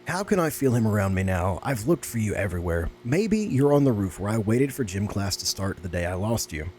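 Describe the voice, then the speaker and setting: A man reading aloud a sad young girl's letter in a soft, low, subdued voice. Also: a little hiss or hum.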